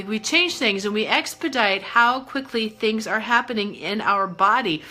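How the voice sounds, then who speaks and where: A woman's voice: fairly high pitch, normal speed, few pauses, sharp tone, low-quality recording. A woman life coach talking casually and playfully on a self-help live stream, chatty and encouraging. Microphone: webcam or phone on a live stream.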